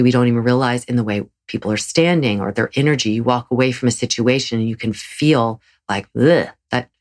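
A woman hosting her own podcast as a yoga teacher, talking earnestly and encouragingly in a solo episode, with frequent restarts. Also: extremely low pitch.

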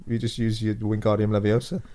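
Lower-voiced man stumbling through ideas. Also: little pitch movement, fairly quick, mellow. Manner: hesitant, stammering restarts. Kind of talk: casual comedy podcast banter.

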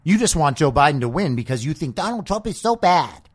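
Speaking a little fast, this man has a husky, slightly high voice that rises and falls widely. He hosts a political podcast and rants combatively, swearing and firing off sarcastic rhetorical questions.

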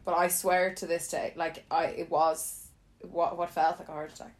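A woman's voice: fairly low pitch, little pitch movement, normal speed. A young woman animatedly telling a funny personal story in casual chat, often breaking into laughter.

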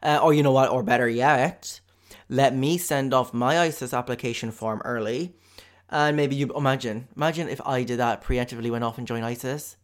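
A young Irish man with a Cork accent hosts a podcast, riffing through a rambling, profane, jokey comic monologue packed with fillers. His voice is medium-pitched and steady, at normal speed.

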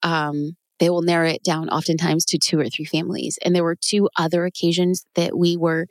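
A woman's voice: lowish voice, little pitch movement, fairly quick, no echo. A woman guest on a podcast, telling a personal story earnestly and emotionally, often restarting her words, recorded in a studio. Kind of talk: candid interview storytelling.

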